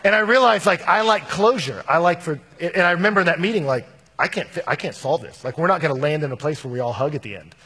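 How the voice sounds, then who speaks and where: A man's voice: on the high side, expressive, fast talker, bright, forceful tone, husky, in a large hall. A man who works as a youth minister, answering an audience question in a candid, storytelling way and often quoting scripture. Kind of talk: conversational Q&A answer.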